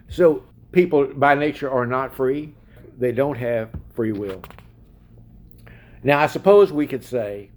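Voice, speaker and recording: A man's voice: fairly high pitch, darkish tone. A man preaching a sermon in an emphatic way, asking his listeners direct questions.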